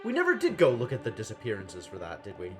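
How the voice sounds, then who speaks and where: A man streaming a game live, puzzling aloud in an animated, exclaiming way on a desk microphone. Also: fairly low pitch, fast talker, over music.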